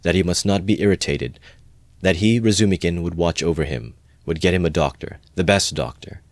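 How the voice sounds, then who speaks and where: A man narrating a classic novel as an amateur audiobook reading, calm and measured. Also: sits low, no room sound.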